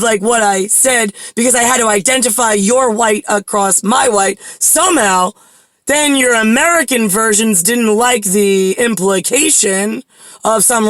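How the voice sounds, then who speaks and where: A woman's voice: fairly high pitch, fairly bright tone, no echo, rough recording. A woman recounting a memory in a rambling monologue, full of fillers and restarts, and later swearing at unseen listeners. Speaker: vlogger.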